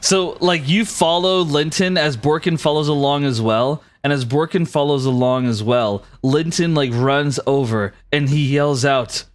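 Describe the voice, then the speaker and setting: A man's voice: on the high side, unhurried, few pauses. A young man narrating as game master in loose casual speech full of fillers.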